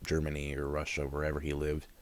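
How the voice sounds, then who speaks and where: A man's voice: a bass voice, monotone, fast. A man hosting a reaction video, exclaiming and swearing freely as he muses aloud in casual commentary.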